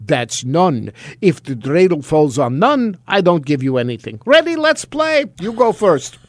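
A man's voice: fairly high pitch, very animated, unhurried, no room sound, clean studio sound, exaggerated voice. A man voicing a clever trickster hero in a read-aloud storybook, coaxing and sly as he talks a goblin into a game.

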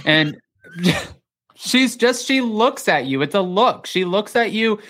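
Guy host, kinda high voice, chatty recap talk, does little impressions. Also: lively intonation, slow pace, pushed and bright. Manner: chatty, acts out quotes in bits of mimicry. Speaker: podcast host. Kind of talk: casual recap chat.

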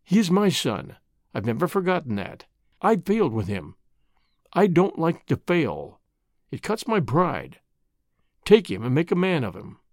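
A narrator voicing a stern, proud older father who mutters in a low, shaken voice. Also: wildly swooping pitch, a little slow, long pauses, darkish tone, dry recording, clean studio sound. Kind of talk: reading a classic short story aloud.

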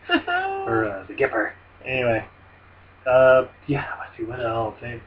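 A man's voice: medium pitch, huge pitch swings, slow pace, recorded from a distance, dull audio, slight background noise. A man co-hosting a casual movie chat, playful and laughing often. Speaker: podcast co-host.

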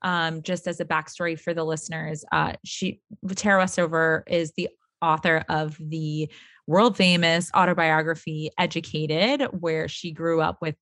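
A woman's voice: low voice, level tone, moderate pace, a bit bright, no echo, studio quality. A woman hosting a podcast interview, talking earnestly and enthusiastically in long flowing sentences. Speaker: podcast host. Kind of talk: casual interview chat.

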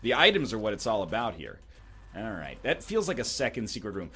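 A man's voice: on the low side, big pitch swings, brisk, pushed and bright, soft background music. A man giving rambling, jokey commentary while playing a video game, full of wry asides. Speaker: gameplay commentator. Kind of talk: gameplay commentary with rambling jokes.

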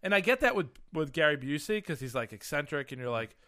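A man's voice: fairly high pitch, big pitch swings, fast, bright, forceful tone. A man on a casual podcast playing devil's advocate, swearing and acting out quoted lines. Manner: argumentative, profane, acts out quoted lines. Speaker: podcast co-host. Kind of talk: casual chat.

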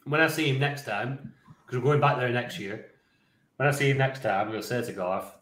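A man, a podcast co-host telling a lively, rambling story, swearing freely and laughing along. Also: mid-range voice, brisk, roomy sound. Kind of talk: casual anecdote telling.

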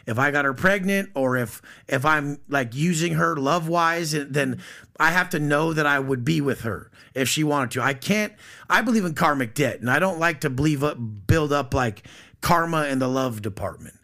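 A podcast guest, this man talks bluntly and boastfully, swearing freely. His voice is gravelly and sharp, and his pitch swings widely as he pushes his points. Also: lively intonation, normal speed. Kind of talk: casual podcast conversation.

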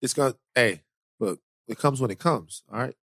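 A male podcast host telling stories in a relaxed, animated way, repeating himself as he goes. His voice sits in an ordinary middle register. The recording is close and dry, with no room sound. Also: medium pitch, moderate pace, husky, no echo. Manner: animated, repeats words, voice drops for a serious story. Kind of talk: casual chat and storytelling.

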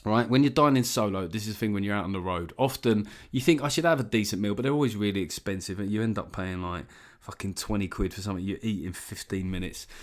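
A man's voice: fairly low pitch, fast talker. A man hosting a podcast, talking in a rambling, sweary way with jokey asides. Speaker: podcast host. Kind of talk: casual solo monologue.

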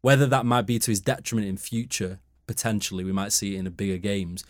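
A man's voice: fairly low pitch, steady tone, fast talker, no room sound, clean studio sound. Emphatic man debating football. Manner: emphatic, opinionated. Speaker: football podcast panelist.

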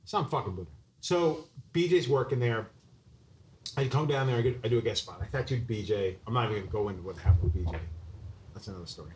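A man's voice: fairly low pitch, fast talker, poor audio. A man, a tattoo artist guest, telling a story in casual chat and swearing constantly. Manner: profane, animated storyteller.

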